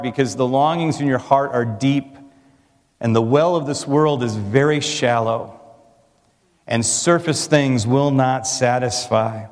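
A man's voice: medium pitch, big-room sound. A man preaching a sermon in an earnest, emphatic way, asking his listeners rhetorical questions. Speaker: pastor.

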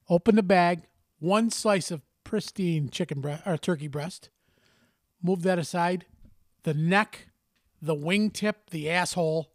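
A man's voice: on the high side, animated, unhurried, no echo, studio quality. A man in his fifties, co-hosting a podcast, who tells joking stories with crude humor in casual chat. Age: 50s. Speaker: podcast co-host.

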